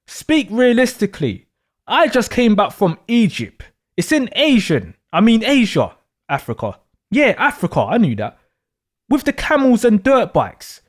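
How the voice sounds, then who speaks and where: A rowdy, crude young man, as a man plays him. He talks bluntly and swears through his banter, his pitch jumping widely. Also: wildly swooping pitch, a little slow, heavily acted. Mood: mocking.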